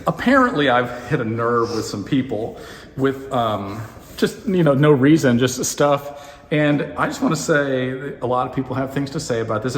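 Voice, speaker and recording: A man hosting a home renovation vlog, demonstrating fixes in a deadpan, joking way. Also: mid-range voice. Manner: deadpan jokey, puns and mock anger. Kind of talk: joking DIY how-to vlog. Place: house under renovation, indoors. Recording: echoey bare room, faint noise.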